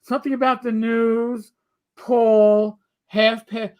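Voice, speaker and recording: A man putting on a rapid-fire older Irish mother. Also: extremely high pitch, level tone, smooth, muffled recording, pitched above the performer's own voice. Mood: excited chatter. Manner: fast, rambling and hard to follow.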